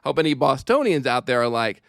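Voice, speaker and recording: Guest comic, man in his 30s, smooth clear voice, dry close mic, jokey and a bit sweary. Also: mid-range voice, big pitch swings, fairly bright tone, dry recording. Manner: jokey, sweary, quick asides. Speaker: podcast guest, stand-up comedian. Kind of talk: casual podcast chat. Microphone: remote call microphone.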